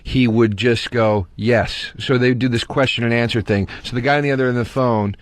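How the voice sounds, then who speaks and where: A man's voice: mid-range voice, fairly even intonation, fast talker, dry recording. A man in a casual podcast chat, asking questions and passing on a friend's story. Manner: asks questions, relays a buddy's story.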